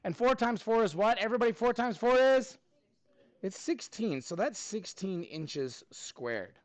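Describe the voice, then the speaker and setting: A man's voice: sits high, expressive, unhurried, dry recording. A man teaching a math class, upbeat and prompting students for answers.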